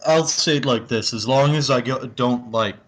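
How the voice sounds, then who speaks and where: A man's voice: mid-range voice, moderate pace, fairly bright tone. A man playing a tabletop game from home, talking casually and eagerly, thinking aloud with many fillers. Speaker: player.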